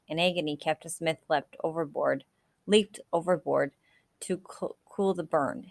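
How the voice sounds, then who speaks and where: Woman, low pitch, dry close sound, reads fiction aloud, measured, small self-corrections. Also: no echo. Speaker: audiobook reader. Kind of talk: reading a novel aloud.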